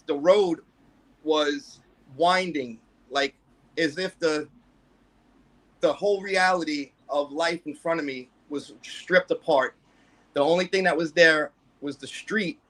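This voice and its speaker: A man's voice: a little high, a bit bright. A man guest telling a personal story in a rambling way, full of fillers and restarts.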